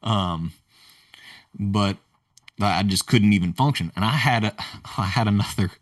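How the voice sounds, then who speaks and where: A man who is a leadership coach, telling a personal story in a podcast interview in an earnest, halting way, often quoting others. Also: on the low side, no room sound, studio quality, distant mic. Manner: earnest, halting retelling with quoted dialogue. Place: remote video call.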